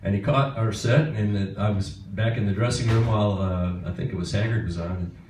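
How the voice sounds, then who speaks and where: Brief: guitarist spinning a chuckling onstage story, noisy room. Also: male voice, fairly low pitch, a little fast, darkish tone. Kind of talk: onstage anecdote. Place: concert stage. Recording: echoey hall, far from mic, noisy.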